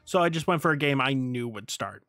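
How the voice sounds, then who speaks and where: A man's voice: medium pitch, lively intonation, brisk, sharp tone, no echo. A man streaming a game and chatting casually with his viewers, laughing often and swearing now and then. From United States.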